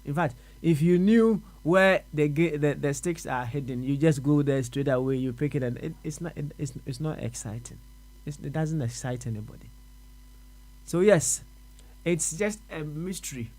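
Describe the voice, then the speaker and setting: A man with a Ghanaian accent hosting a radio question-and-answer show, musing aloud, repeating words and answering himself with soft uh-huhs. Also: fairly high pitch, normal speed. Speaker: radio host. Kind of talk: reflective radio talk.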